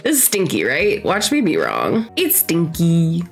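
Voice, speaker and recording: A woman's voice: lowish voice, wildly swooping pitch, slow. A young woman giving casual, chatty commentary over her own gameplay, reacting and laughing often. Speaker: gaming streamer. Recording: faint game music behind.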